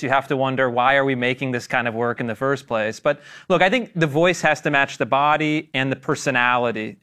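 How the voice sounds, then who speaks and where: A man giving his views as a panel guest on a talk show, speaking in a measured, articulate way. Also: mid-range voice, a bit bright. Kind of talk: opinion commentary.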